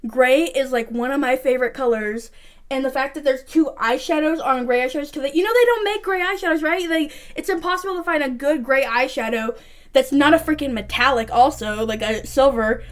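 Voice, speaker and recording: A young woman vlogger chatting casually through a makeup review, rambling with lots of fillers. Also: high-pitched. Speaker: beauty vlogger.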